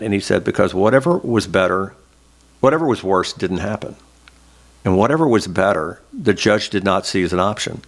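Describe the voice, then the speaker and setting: Interview guest, middle-aged man from Oklahoma, low voice, emotional and open. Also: expressive, moderate pace. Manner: emotional, candid storytelling, close to tears. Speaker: interview guest, former state senator. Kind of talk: oral history interview.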